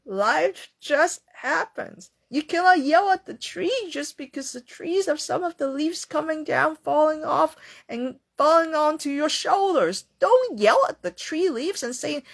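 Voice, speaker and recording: A woman's voice: high voice, lively intonation, a little slow, gravelly, few pauses. Earnest woman giving a mindfulness talk. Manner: earnest, repetitive, acts out quoted complaints. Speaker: host.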